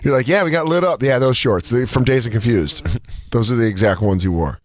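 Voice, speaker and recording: A man's voice: fairly quick, no echo, clean studio sound. A man telling comic stories in casual chat, acting out the people he quotes with sudden jumps in his voice. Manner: animated, acts out quoted people with big pitch jumps. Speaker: comedian co-host. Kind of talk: casual comedic storytelling.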